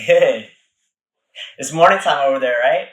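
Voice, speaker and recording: A man's voice: on the high side, measured pace. A young man with an American accent hosting a podcast, chatting in a laid-back, joking way with casual swearing. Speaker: podcast host. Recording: echoey room.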